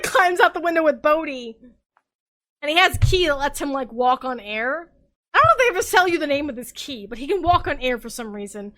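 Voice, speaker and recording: A tipsy woman hosts a comic podcast, retelling a story with frequent swearing and bursts of laughter. Her voice sits high and sounds bright and forceful. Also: normal speed, low-quality recording. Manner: animated, swearing, laughing often. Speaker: podcast host.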